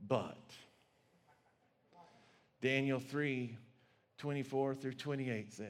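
Male pastor, sermon, high voice, animated storytelling. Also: normal speed.

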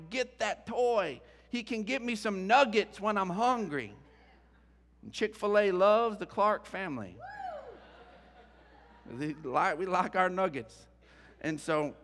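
A middle-aged pastor preaching a sermon, emotional and animated, moving between soft and loud. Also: male voice, sits high, in a large hall. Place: church sanctuary.

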